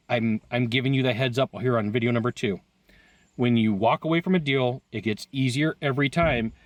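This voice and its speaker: A man talking casually to camera as a sales coach, animated and quick, laughing often and breaking into asides. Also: mid-range voice. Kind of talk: casual video talk to camera. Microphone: headphones on, recorded live.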